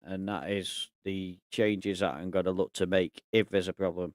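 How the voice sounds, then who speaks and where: A man casually commentating on his management game, thinking aloud in a relaxed, chatty way. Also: low voice, moderate pace, no room sound, studio quality. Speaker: gaming YouTuber.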